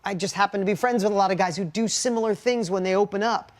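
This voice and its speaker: A man's voice: high-pitched, quick pace. A middle-aged man co-hosting a podcast with his wife, talking candidly in an earnest, heartfelt, confessional way and telling stories with animation. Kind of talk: candid conversational podcast talk.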